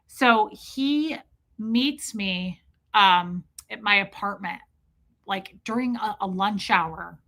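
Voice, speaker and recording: A woman tells a personal story to her viewers, chatty and emotional, leaning on "like" constantly. Her voice sits at a middle pitch with a bright, forceful edge. She sounds in her thirties and talks straight to her audience. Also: takes it slowly. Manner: chatty, heavy use of "like", emotional. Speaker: vlogger.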